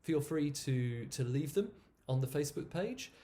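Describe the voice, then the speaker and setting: A man's voice: on the high side, normal speed. A man, an English teacher casually explaining spoken usage and demonstrating word sounds. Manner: relaxed, repeats words to demonstrate pronunciation.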